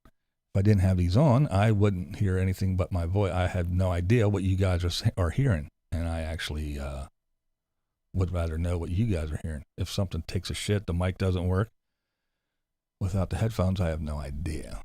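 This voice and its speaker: A man's voice: sits low, normal speed, dark tone, no room sound. A man hosting a casual livestream, reading comments and answering with rambling, sarcastic asides, speaking close into a desk mic. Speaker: livestream host. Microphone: close desk mic with headphones.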